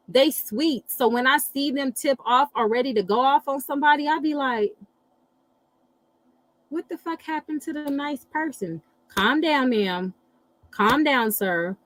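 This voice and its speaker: Middle-aged woman doing a live chat, kinda high voice, blunt, cusses a lot, answers comments, dry close sound. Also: dry recording, low-quality recording. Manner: animated, blunt, swears freely, reacts to viewer comments. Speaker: livestream host reading astrology.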